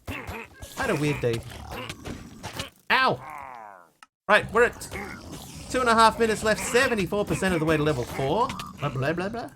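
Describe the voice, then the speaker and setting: Man, game streamer, fairly high voice, scattered chatter, yelps, noisy background. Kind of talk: live game stream chat.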